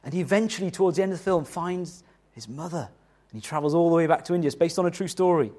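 A middle-aged man preaching a sermon in an animated, conversational way, asking the listeners rhetorical questions. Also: a little high, quick pace. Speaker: pastor.

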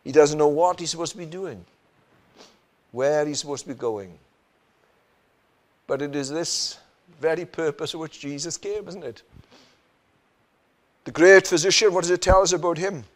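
High-voiced earnest male preacher. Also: normal speed, long pauses. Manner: earnest, rhetorical questions, frequent "you know" and "isn't it". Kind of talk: sermon.

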